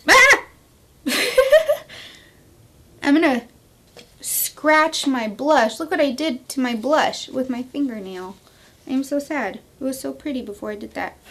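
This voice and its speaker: A woman in her thirties with a slightly high voice talks through her makeup routine at home. She is playful and chatty, making up silly words and muttering asides to herself as she applies product. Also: slight background noise. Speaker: beauty vlogger. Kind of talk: casual makeup tutorial chat. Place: at home, indoors.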